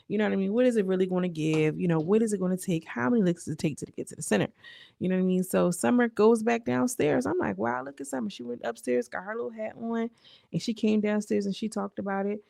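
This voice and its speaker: Chatty woman with a gravelly edge. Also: medium pitch, fast talker, a little mellow, no echo, clean studio sound. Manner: chatty, slangy, retells scenes with lots of asides. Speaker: reality show recap commentator. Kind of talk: casual recap chat.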